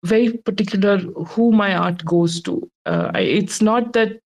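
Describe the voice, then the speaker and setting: Tearful woman artist with a gravelly, creaky voice. She speaks haltingly and emotionally in a casual live chat. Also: mid-range voice, lively intonation, a little mellow. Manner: emotional, halting, many fillers. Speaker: artist guest.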